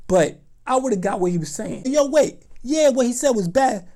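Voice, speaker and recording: A young adult woman telling a storytime vlog in an animated, slangy, dramatic way. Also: a little high, moderate pace. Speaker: vlogger.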